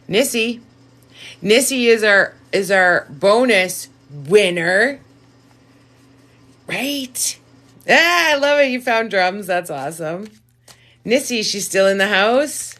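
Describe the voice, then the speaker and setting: A woman with a raspy voice hosting a casual live stream, effusive and profane, giving blunt direct advice to viewers. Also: medium pitch, expressive, slow, bright, forceful tone.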